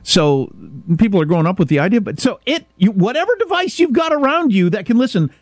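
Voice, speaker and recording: A man's voice: fast, dry recording. A middle-aged man from Kansas, hosting a casual talk show and telling a story with acted-out dialogue. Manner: animated storyteller, acts out dialogue, rising pitch when worked up. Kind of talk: casual talk radio chat.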